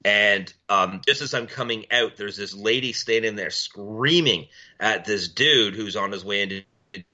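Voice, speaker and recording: A man co-hosting a podcast, telling stories in blunt, profane casual chat and mimicking people he argued with. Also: measured pace. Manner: blunt, profane storytelling, mimics people in loud high voices. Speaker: podcast co-host. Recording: dull lo-fi audio.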